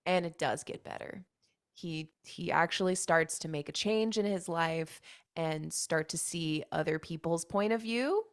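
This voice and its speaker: A woman's voice: lowish voice, moderate pace. A woman guest in a casual chat who laughs easily and speaks wryly. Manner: laughs easily, wry and amused. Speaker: podcast guest.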